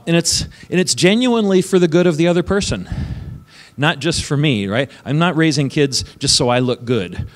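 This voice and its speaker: In a church sanctuary with a big-room sound, a male pastor with a mid-range voice preaches a sermon conversationally. He chuckles and keeps asking "right?" between his points.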